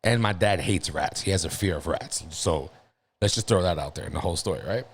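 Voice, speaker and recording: A man on a podcast telling a story in a casual, profane, animated way, laughing through it. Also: sits low, fairly quick, slight background noise. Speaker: podcast co-host.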